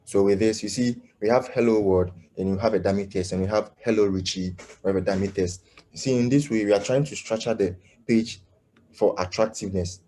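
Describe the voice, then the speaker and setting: A man teaching web development in a live online class. He speaks haltingly, with many fillers, and keeps checking whether his students understand. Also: fairly low pitch, fairly even intonation, mellow. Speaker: coding instructor. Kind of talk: live online coding lesson.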